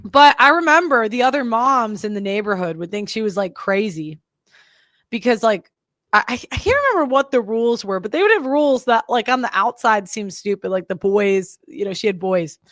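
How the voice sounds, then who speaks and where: A woman's voice: medium pitch, lively intonation, a little fast, a bit bright, dry recording, studio quality. A young woman hosting a podcast, talking in a blunt, rambling, casual way with lots of fillers and restarts. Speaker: podcast host. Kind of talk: casual opinionated monologue.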